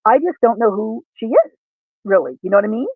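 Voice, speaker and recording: A man's voice: sits high, animated, a little fast, no room sound. A man in casual chat as a livestream guest, talking earnestly in a rambling, self-correcting way. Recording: tinny dry call audio.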